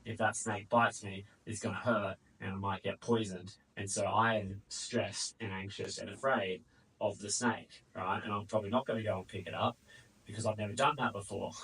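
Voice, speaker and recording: A man's voice: medium pitch, a bit bright, breathy edge, far from the mic, poor audio. A man explaining to camera how changing beliefs can ease anxiety, in a conversational way that often checks in with "right?" and "okay?". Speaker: anxiety coach.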